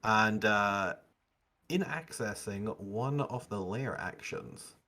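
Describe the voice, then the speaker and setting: A man acting as game master, narrating a tabletop game in an animated, rambling way with frequent fillers. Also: fairly low pitch, slow pace. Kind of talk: running a tabletop game over a live stream.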